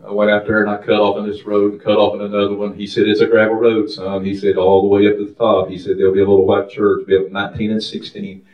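A man's voice: fairly low pitch, completely flat delivery, fast, hardly any pauses, reverberant, muffled recording. A man preaching a testimony sermon in a fervent, sing-song style, calling out hallelujahs, recorded from a distance in a church. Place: church sanctuary.

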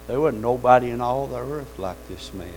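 A man's voice: medium pitch, normal speed, darkish tone, slight background noise, poor audio. A man preaching a sermon in a folksy, fervent way, calling out amens and hallelujahs.

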